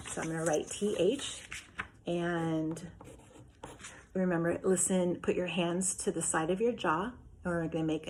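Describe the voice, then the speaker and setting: A woman teaching young children remotely, with a fairly low voice. She patiently sounds out each letter sound and checks in with the class. A faint hum sits in the background of her home recording. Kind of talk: remote phonics and writing lesson.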